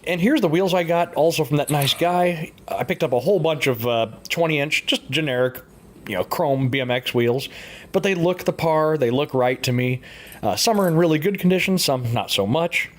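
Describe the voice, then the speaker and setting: On the high side and animated, this hobby frame builder and vlogger speaks at a moderate pace while narrating a bicycle frame build in his workshop. He keeps it laid-back, often chuckling and filling gaps with "uh."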